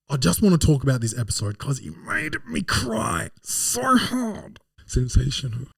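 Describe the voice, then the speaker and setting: An Australian podcast host from Adelaide tells a rambling, slang-filled, digressive story as a comedic review. His voice is fairly low and dark, recorded at studio quality with no room sound.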